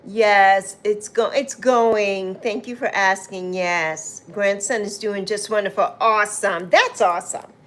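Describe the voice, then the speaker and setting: A woman's voice: mid-range voice, fairly even intonation, unhurried, hardly any pauses. A woman hosting a casual livestream, greeting viewers by name and calling them "my love" and "honey". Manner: warm, chatty, calls viewers "my love" and "honey". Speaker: livestream host.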